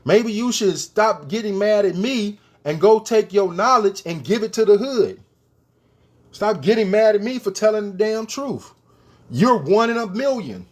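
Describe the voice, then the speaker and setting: A man's voice: high voice, expressive, unhurried. A man delivering an opinion rant straight to his viewers, emphatic and firing off repeated rhetorical questions. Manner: addresses the viewers directly. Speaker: commentator.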